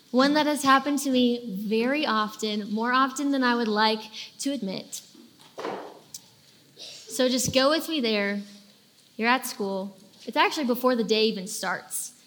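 A young adult woman giving a casual storytelling talk to teens, animated and acting out little quoted lines as she goes. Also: a little high. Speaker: speaker addressing teens.

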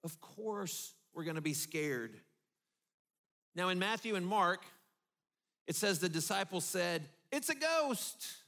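Male pastor, higher voice, vivid sermon storytelling. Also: slow pace, long pauses. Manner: vivid storytelling, drops low and soft for emphasis.

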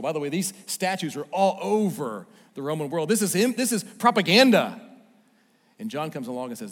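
A man preaching a sermon, swinging from loud emphatic lines to hushed, quiet asides. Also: fairly high pitch, big pitch swings, moderate pace. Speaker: pastor. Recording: long hall reverb.

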